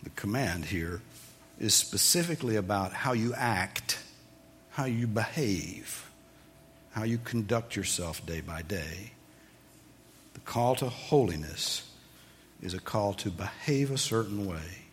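A man's voice: lowish voice, takes it slowly, long pauses, big-room sound, slight background noise. A man preaching a sermon as pastor, teaching and asking his listeners emphatic questions. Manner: animated, rising to emphatic questions.

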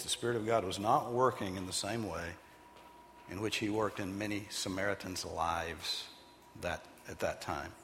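A man preaching a sermon as pastor, animated and emphatic, sometimes putting on loud voices for the people he quotes. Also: medium pitch, long reverb tail, slight background noise.

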